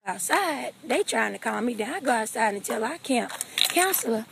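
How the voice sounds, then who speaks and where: A young woman in an animated, comic telling of a childhood story, talking straight to her listeners. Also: on the high side, normal speed, creaky, very noisy. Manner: animated, talks straight to the audience.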